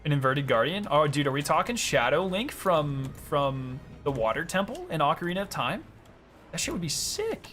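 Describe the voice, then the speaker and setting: A man chatting casually on a gaming stream, excitable and ranting with plenty of swearing. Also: fairly high pitch, moderate pace, faint music behind.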